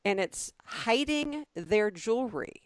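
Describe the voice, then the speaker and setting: A woman co-hosting a podcast in casual chat, talking in a chatty, self-deprecating way with animated asides. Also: a little high, slow, no echo, studio quality. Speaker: podcast co-host.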